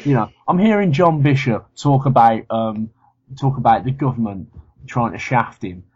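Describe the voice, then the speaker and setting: A man's voice: medium pitch, lively intonation, normal speed, darkish tone, husky. Sweary man ranting on a podcast. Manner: blunt, sweary, laughs at his own rants. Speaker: podcast co-host. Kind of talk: casual comedy chat. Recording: dull lo-fi podcast audio.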